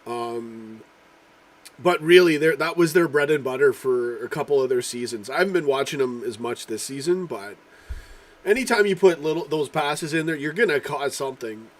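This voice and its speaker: A man hosting a casual live-stream football chat, rambling and swearing, reading out viewers' comments while he keeps coughing and clearing his throat. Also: medium pitch, lively intonation, normal speed. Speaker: livestream host.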